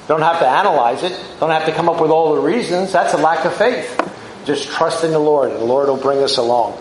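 Male preacher, conversational Bible teaching, a touch high-voiced, roomy echo. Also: a little hiss or hum. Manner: conversational, reflective Bible teaching with rhetorical questions. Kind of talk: sermon.

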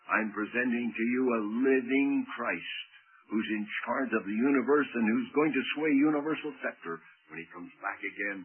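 Fiery preacher on an old radio broadcast. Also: male voice, medium pitch, husky, phone-quality sound. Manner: dramatic, acting out quoted voices, sudden loud swells. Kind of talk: sermon.

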